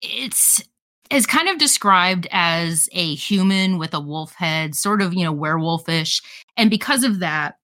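A woman co-hosting a casual podcast, chatting enthusiastically about what to watch. Her voice sits low but swings widely, with a bright, forceful edge. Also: expressive, measured pace. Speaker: podcast co-host recommending films.

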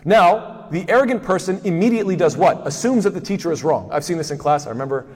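A man gives a religious lesson at a brisk clip, his voice sitting a little high. He keeps asking "what?" and answering himself, with doubled fillers along the way. A long reverb trails behind him in a big room. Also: animated, a little mellow, breathy edge. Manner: asks himself rhetorical questions ("what?"); frequent doubled fillers and restarts. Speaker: Islamic studies teacher. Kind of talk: lecture on hadith.

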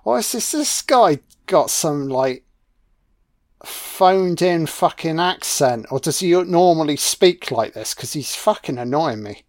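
A man's voice: on the high side, animated, takes it slowly, no room sound, clean studio sound. A man giving a sarcastic, mocking film commentary rant and swearing constantly.

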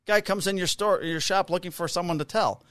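A man's voice: sits high, fairly quick, a bit bright, dry recording. A middle-aged man on a podcast, casually telling a work story, swearing freely and acting out the people he quotes in a raised voice. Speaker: podcast co-host, police officer.

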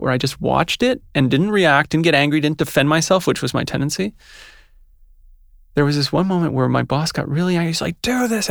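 A man's voice: on the high side, gravelly, no room sound, studio quality. A man, a podcast guest, talking in a reflective, casual way and acting out his own inner voice. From West. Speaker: podcast guest, yoga teacher. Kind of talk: casual conversation.

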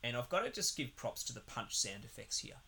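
A man's voice: medium pitch, very animated, a little fast, pushed and bright. A man co-hosting a podcast, chatting casually and sarcastically about a film, swearing often and rambling. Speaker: podcast co-host. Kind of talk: casual film review chat.

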